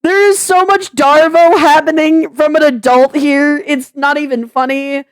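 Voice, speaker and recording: A woman's voice: steady tone, unhurried, dry recording. A woman venting in a sarcastic commentary, laughing often and reacting in disbelief. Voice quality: high put-on sounding voice. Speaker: vlogger.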